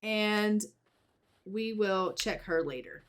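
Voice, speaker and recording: A woman's voice: mid-range voice, lively intonation, slow pace, clean tone. Chatty woman narrating a life-sim game. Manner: chatty, storytelling. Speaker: let's play narrator.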